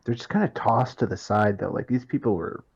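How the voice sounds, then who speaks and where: A man's voice: medium pitch, a little fast, gravelly, a little mellow, husky, highs cut off. A man running a tabletop game as game master, talking casually and repeating words as he thinks.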